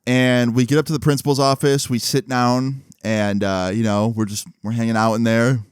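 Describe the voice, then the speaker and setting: A man's voice: medium pitch, flat delivery, moderate pace, clear, resonant tone, no echo, studio quality. A man telling a story in a casual, rambling way, full of filler words. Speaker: vlogger.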